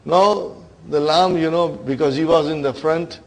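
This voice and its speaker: A man's voice: fairly high pitch, steady tone, unhurried. A man teaching Arabic grammar to a class, quizzing students and often checking in with "huh?" and "are you with me?". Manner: playful storytelling teacher. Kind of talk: classroom lesson.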